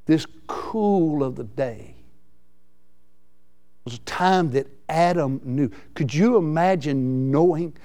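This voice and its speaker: High-voiced excitable preacher. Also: male voice. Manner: excitable, folksy, laughs between lines. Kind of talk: sermon.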